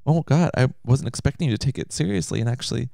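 A man's voice: mid-range voice, animated, fast, gravelly, mellow, no room sound, clean studio sound. A man co-hosting a podcast in casual chat, teasing and joking. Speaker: podcast co-host.

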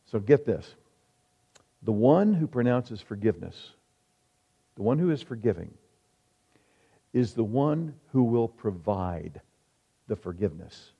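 A male pastor delivering a sermon, emphatic, with rhetorical questions and dramatic pauses. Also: on the low side, expressive, husky. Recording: reverberant hall, dull lo-fi sound.

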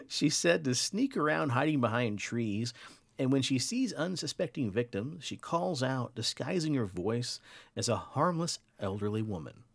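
Male podcast host, mid pitch, lively swooping delivery, playful storyteller. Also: a little slow, gravelly. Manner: playful, animated, teasing his co-host. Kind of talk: casual folklore storytelling.

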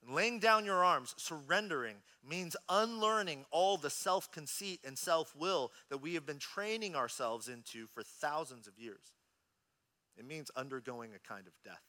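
A man in his thirties preaching a sermon as a pastor, telling a personal story in an animated, conversational way. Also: a little high, a little slow.

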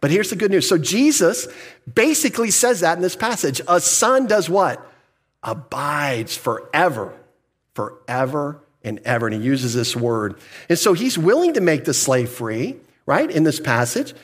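A man's voice: on the high side, sing-song, a little slow. A man pastor preaching a sermon, putting questions to the congregation, answering them himself, and chuckling now and then.

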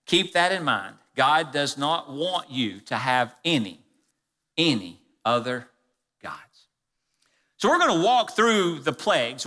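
A man preaching a sermon as pastor to his church, stressing key phrases by slowing down and dropping low. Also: sharp tone. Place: church sanctuary. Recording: long reverb of a church hall.

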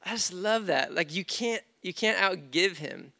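A man's voice: high-pitched, expressive, measured pace, gravelly, bright, forceful tone, dry recording. A man in his thirties preaching in a church, telling stories casually with frequent restarts. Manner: conversational storytelling with many restarts. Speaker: pastor. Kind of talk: sermon.

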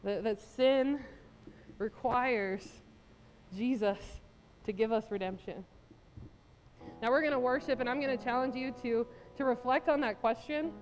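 A woman pastor preaching a sermon, telling a story about herself in an animated way and laughing at herself. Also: on the high side, measured pace, pauses often, big-room sound. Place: church sanctuary.

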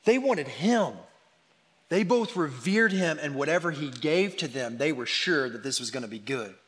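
A man preaching a sermon, telling stories about his children in a lively, animated way. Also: on the high side, normal speed. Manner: animated storytelling, quoting his kids. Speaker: pastor. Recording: long hall reverb.

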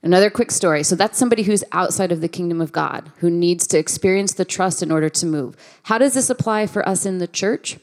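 A woman in her thirties gives a sermon in a relaxed, conversational way. Her voice sits fairly low for a woman, and she slips into the voices of the people she quotes. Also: fast talker, hardly any pauses. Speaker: guest preacher. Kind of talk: sermon with personal storytelling.

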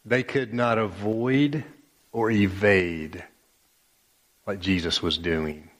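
A man's voice: fairly low pitch, fairly bright tone, in a large hall. A male pastor preaching a sermon with emphatic, dramatic storytelling.

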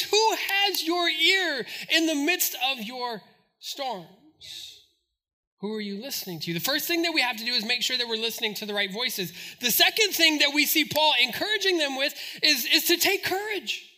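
A man's voice: very high-pitched, moderate pace. A man in his forties preaching a sermon, telling stories and acting out quoted voices. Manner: animated storytelling, acts out quoted voices. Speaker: pastor.

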